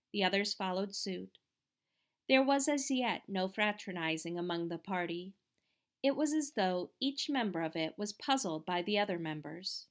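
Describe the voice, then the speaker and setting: A woman narrating an audiobook in a measured, expressive reading voice. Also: mid-range voice. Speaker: audiobook reader.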